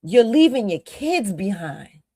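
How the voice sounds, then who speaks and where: A woman's voice: medium pitch, big pitch swings, a little slow, a little mellow, slightly rough, no room sound. A woman giving blunt, heated commentary as the host of a talk show. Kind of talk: casual commentary.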